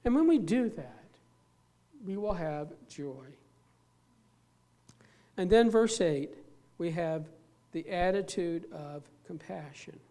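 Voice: mid-range voice, expressive, warm tone. Earnest pastor preaching a sermon. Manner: earnest, emphatic, slows down to stress key words; repeats and restarts phrases while preaching.

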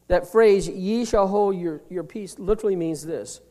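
Preaching a sermon, a male pastor with a high voice reads ancient verses at a slow pace and then explains them in everyday words. His delivery shifts from forceful, loud lines to hushed ones just above a whisper.

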